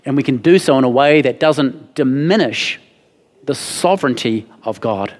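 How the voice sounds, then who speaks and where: A man's voice: mid-range voice, lively intonation, moderate pace, big-room sound. A man preaching a sermon, earnest and emphatic, repeating his key phrases for weight. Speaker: pastor.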